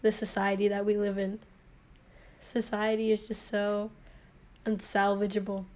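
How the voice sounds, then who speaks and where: A woman's voice: mid-range voice, monotone, measured pace, darkish tone. A young woman chatting idly to a live stream while she paints from a phone, rambling and joking at herself. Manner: rambling, self-mocking, talks to herself.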